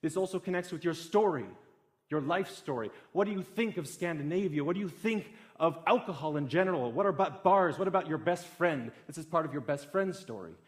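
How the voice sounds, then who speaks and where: A fairly high-voiced young man delivers a talk as a vivid story. He builds up energy and enthusiasm as the tale climbs to its peak, and his delivery stays conversational and expressive throughout. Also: a little fast. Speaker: speaker giving a talk.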